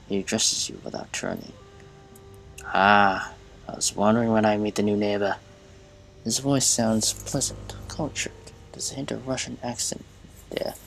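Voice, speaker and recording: A man's voice: fairly low pitch, gravelly, poor audio. A man playing a game and reading its text aloud in a casual way, often stumbling and restarting words. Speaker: gamer.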